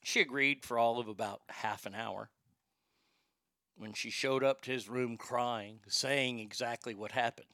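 A man's voice: medium pitch, steady tone, a little slow, pushed and bright, no room sound, clean studio sound. A man, the show's host, telling a long personal anecdote in a casual, profane, conversational way with frequent restarts.

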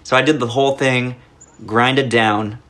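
A man's voice: mid-range voice, fairly even intonation, unhurried, fairly bright tone. A young man telling a long story in casual chat, rambling with lots of filler words and cursing. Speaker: podcast guest.

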